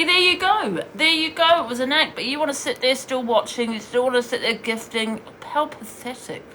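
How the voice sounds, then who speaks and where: A woman's voice: on the high side, bright, forceful tone, slight background noise. A woman streaming live, bluntly and scornfully ranting while she answers viewers' comments. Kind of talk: heated live-stream rant.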